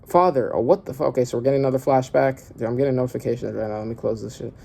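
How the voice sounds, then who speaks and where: A man reading through a manga chapter aloud and reacting, often bursting into loud exclamations and swearing. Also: medium pitch, little pitch movement, very fast, creaky, breathy edge.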